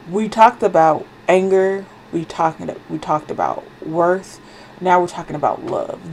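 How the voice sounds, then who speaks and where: A woman's voice: lowish voice, gravelly, dark tone, slight background noise, low-quality recording. A woman giving a fervent, profanity-laced spiritual card reading, sniffling and coughing with a cold and driving her points home through emphatic repetition. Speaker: spiritual reader. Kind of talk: impassioned oracle card reading.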